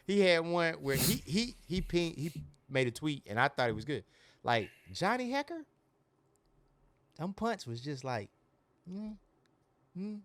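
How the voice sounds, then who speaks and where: A man's voice: a little high, sing-song, unhurried, pauses often, a bit bright, slight background noise. A man co-hosting a sports podcast, talking loosely and animatedly with slang and frequent laughs. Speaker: podcast co-host. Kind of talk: casual sports podcast chat.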